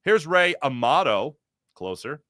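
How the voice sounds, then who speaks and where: A man hosts a live postgame sports podcast, reading out viewer comments with rambling, joking energy. His voice sits a bit high and rings very bright and forceful. The sound is dry and close, with no room around it. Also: big pitch swings, a little slow, no echo.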